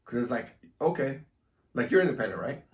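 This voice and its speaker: A man's voice: medium pitch, very animated, a little fast. A man hosting a casual chat, provocative and teasing, laughing often. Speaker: host. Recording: echoey room, mic at a distance.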